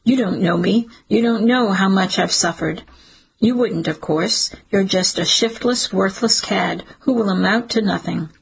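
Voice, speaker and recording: A woman reading an audiobook voices a desperate, wounded mother who speaks with cutting scorn, in a husky, gravelly voice. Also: medium pitch, measured pace, full character voice, poor audio. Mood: scornful. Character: desperate wounded mother, sharp-tongued and bitter.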